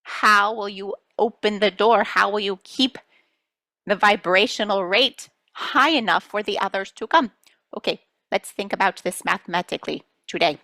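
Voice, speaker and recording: A woman's voice: mid-range voice, normal speed, dry recording. A woman channeling a playful collective of star beings who teases and reassures listeners, calling them children. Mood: teasing. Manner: addresses listeners as children, gently scolding. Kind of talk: channeling session.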